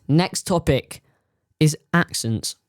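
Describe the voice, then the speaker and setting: A teenage boy co-hosting a casual podcast debate, hesitant and halting as he argues his points. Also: a little high, no room sound, studio quality. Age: teen. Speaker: podcast co-host, son.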